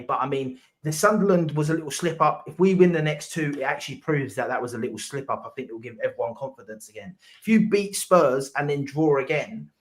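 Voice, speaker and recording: A man in a heated casual football debate, insistent and repeating himself to make his point. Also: a little high. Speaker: football panel guest.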